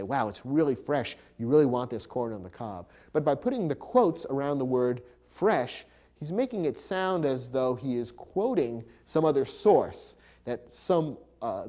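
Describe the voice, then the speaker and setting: Guy teaching grammar in a recorded lesson, patient and clear, kinda muffled lo-fi sound. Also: medium pitch.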